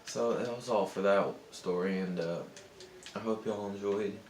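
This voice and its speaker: Young man, low voice, rambling and profane, casual story over gameplay, echoey room. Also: measured pace, darkish tone, a little hiss or hum. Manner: rambling, profane, self-interrupting. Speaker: gaming channel host. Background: other people in the house.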